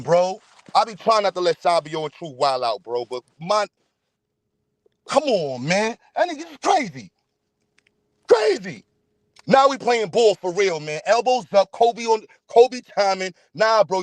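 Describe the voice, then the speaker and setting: A young man with a high, bright-pitched voice tears into his opponents on a livestream, loud, profane and mocking. The sound is dry and close, with almost no room echo. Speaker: livestream host. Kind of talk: heated livestream rant.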